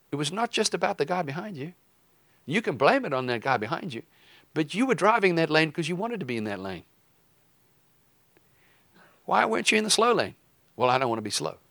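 Guy preaching a casual sermon, animated, does goofy voices, dry close sound. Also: a little high, no echo. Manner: lively, acts out quoted voices with jokey asides. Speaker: preacher teaching a lesson. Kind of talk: conversational teaching sermon.

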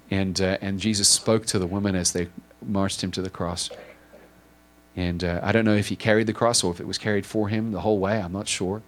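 A man preaching an informal sermon, retelling a story in an earnest, halting way with many repeated words and restarts. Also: sits low, fairly even intonation. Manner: earnest and emotional.

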